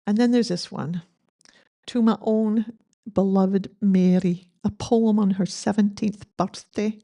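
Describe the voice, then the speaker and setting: An actress playing a grieving daughter who reads her late father's odd poems at a funeral in a deadpan, earnest manner. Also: mid-range voice, unhurried, no room sound, clean studio sound. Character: eccentric woman reading her late father's begging poems. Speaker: bereaved daughter giving a eulogy. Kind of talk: scripted comedic funeral reading.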